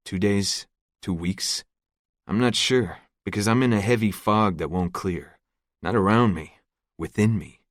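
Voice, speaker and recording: A man's voice: low-pitched, dry recording. A man narrating a gritty first-person audiobook in a close, scripted read. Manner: gritty, profane storytelling.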